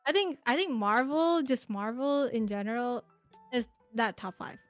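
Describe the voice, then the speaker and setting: A young woman, a podcast guest, chatting casually with many pauses and laughs as she thinks aloud. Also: a little high, expressive, dry recording, soft background music. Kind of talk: casual interview chat.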